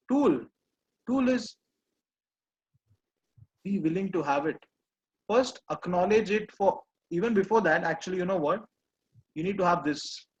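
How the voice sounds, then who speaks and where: A man coaching a live group, gently repeating reassuring phrases. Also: high voice, highs cut off. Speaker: personal growth coach.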